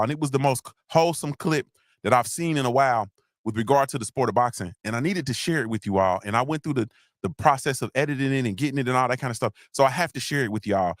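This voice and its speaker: Animated, profane podcast host man. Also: medium pitch, no echo, studio quality. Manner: animated, profane, rambling with restarts. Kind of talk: casual solo podcast talk.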